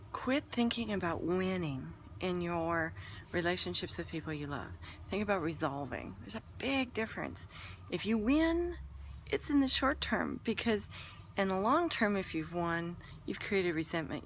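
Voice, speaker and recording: A woman hosts a relationship advice talk in a fairly low voice. She is earnest and emphatic, repeating her key points and sometimes sinking to a near whisper to stress them. Faint room ambience sits under her voice. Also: lively intonation, unhurried, slight background noise.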